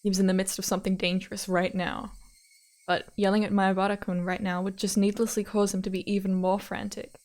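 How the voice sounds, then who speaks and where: A woman's voice: mid-range voice, flat delivery, brisk, a little mellow. A woman streamer reading a visual novel aloud, breaking off into giggly casual asides and playful repetitions of words.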